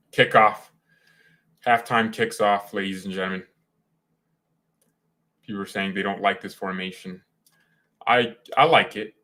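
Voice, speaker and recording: Brief: male fan host, casual watchalong commentary, lower-pitched but bright and forceful, rambling hot takes. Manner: opinionated, rambling, slangy.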